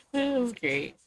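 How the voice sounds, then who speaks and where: A woman's voice: high-pitched, a little hiss or hum. A woman from Southwest Virginia with a Southwest Virginian accent, chatting casually on a stream, swearing and laughing often.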